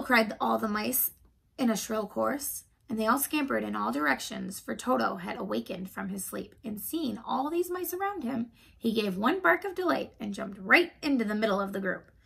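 A woman teacher reads a children's book aloud in a calm, clear storytelling manner. Her voice is fairly high, with a strong gravelly fry and a husky edge. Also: low-quality recording.

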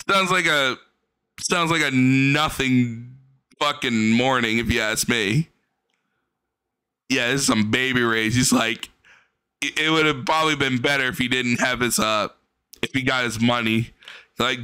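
A man's voice: mid-range voice, unhurried, sharp tone, clear, resonant tone. A man giving casual, profane reaction commentary, mocking a clip and laughing often. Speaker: reaction streamer.

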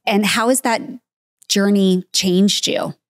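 A woman's voice: medium pitch, steady tone, takes it slowly, no room sound, studio quality. A woman hosting a podcast interview, chatting and laughing easily with her guest. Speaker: podcast host. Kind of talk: interview chat.

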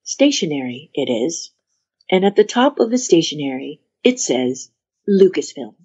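In a low, dark, husky voice at normal speed, a very animated woman spins a story during a podcast interview. She dramatizes it by acting out the characters' voices and whispering, all captured in dull lo-fi sound.

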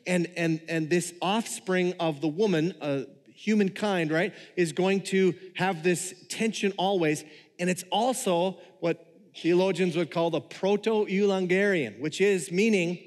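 Man preaching in a reverberant hall. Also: high voice. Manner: conversational, joking with the congregation. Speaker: pastor. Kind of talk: sermon.

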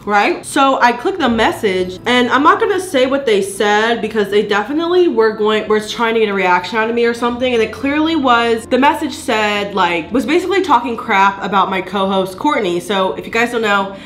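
A young woman from the Atlanta area talks in a loose, chatty vlog style while eating on camera. Her voice sits a bit high and turns playful and loud when she laughs. She swears freely between bites. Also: lively intonation, a little fast, hardly any pauses, reverberant, slight background noise. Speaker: vlogger. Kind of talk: casual chatty vlog and mukbang.

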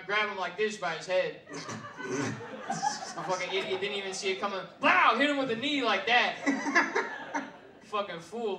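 A man doing stand-up, telling a profane story with loud bursts and laughs. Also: high voice, slight background noise. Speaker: comedian. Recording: roomy stage sound from far mic, audience.

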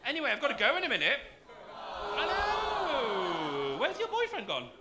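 A man's voice: very high voice, wildly swooping pitch, moderate pace. A man doing a stand-up set, cheeky and camp, teasing the crowd and swearing freely. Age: 40s. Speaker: stand-up comedian. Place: comedy club stage. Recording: noisy club room with audience. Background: audience laughter.

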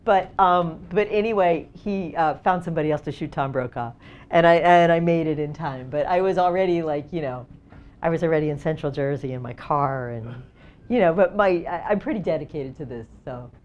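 A middle-aged woman, a documentary photographer, speaks in a deep, slightly fast, slightly mellow voice over dull audio. At a seminar event space she gives a casual storytelling presentation, full of "like" and "you know" and acted-out quotes.

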